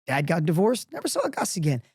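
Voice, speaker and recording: A middle-aged man telling a personal story as a podcast guest, energetic and emphatic, often restarting his sentences. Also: a little high, brisk, husky, no room sound, studio quality.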